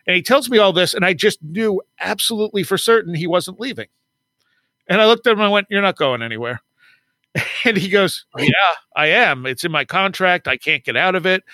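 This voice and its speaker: A man's voice: sits high, sharp tone, no room sound. A man guest on an interview podcast, telling stories casually, acting out quoted dialogue and laughing often. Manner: chatty, acts out quoted dialogue, frequent laughs. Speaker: podcast guest, author and paranormal researcher.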